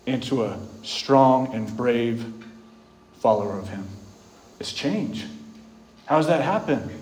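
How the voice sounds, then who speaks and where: A man preaching a sermon, retelling scripture stories in an earnest way, rising loud and bold, then dropping soft and slow. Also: mid-range voice. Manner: earnest storytelling, swings between loud bold stretches and soft slow ones. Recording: echoey room with faint ambience.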